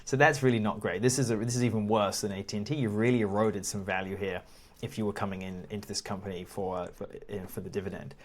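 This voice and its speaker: A man with a lowish voice talks through stock reports on screen in a relaxed, teacherly way. He restarts and repeats words often and lets out the odd chuckle as he explains. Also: fast. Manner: casual, repeats words often, laughs now and then. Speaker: investing educator. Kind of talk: screen-share walkthrough.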